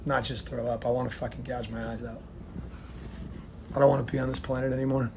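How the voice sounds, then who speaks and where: A man from the United States delivering an angry, profane rant to camera, swinging between loud outbursts and hushed, near-whispered lines. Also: medium pitch, little pitch movement, fast, gravelly, noisy background. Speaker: vlogger.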